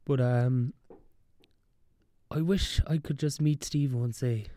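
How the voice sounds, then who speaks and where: Rambling man with a mellow voice. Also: medium pitch, slow, dry recording. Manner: rambling, wry, self-interrupting. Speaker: podcast host. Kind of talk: casual solo monologue.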